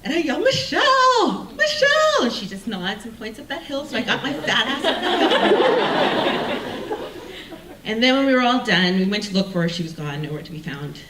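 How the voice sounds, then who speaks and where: A woman telling a personal story on stage, animated and self-mocking, acting out the people she quotes. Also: fairly high pitch, moderate pace, very noisy. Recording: roomy sound from a distant mic with faint ambience.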